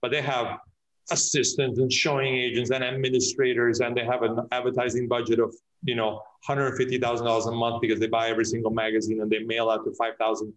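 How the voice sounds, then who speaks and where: A man's voice: mid-range voice, level tone, fast, highs cut off. A man, a real estate agent, talking in a casual podcast interview, telling stories with many restarts and acting out his clients' lines.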